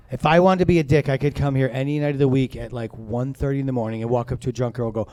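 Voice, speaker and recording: A man performing a profane stand-up comedy set in a comedy club, swinging between loud rants and quiet asides. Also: medium pitch, steady tone, rapid-fire, few pauses.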